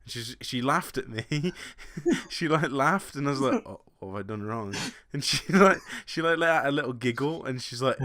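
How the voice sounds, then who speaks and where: A man's voice: mid-range voice, animated, moderate pace, few pauses, a bit bright. A young man from the UK, co-hosting a podcast and telling rambling, self-deprecating stories with a lot of laughing. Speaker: podcast co-host. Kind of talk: casual chat.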